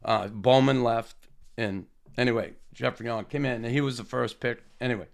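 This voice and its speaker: A man, a former hockey player telling an animated anecdote and acting out quotes. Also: mid-range voice, moderate pace, vocal fry. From Boston area. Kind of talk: anecdotal storytelling.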